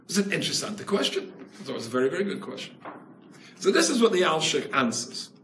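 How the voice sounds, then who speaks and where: A man teaching a lively Torah class, his voice rising and falling with bright, forceful emphasis. He mixes Hebrew and Yiddish terms into emphatic explanations. The recording sounds roomy and echoey with faint noise in the background. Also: on the high side, fast. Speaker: rabbi. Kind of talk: Torah class, storytelling lecture.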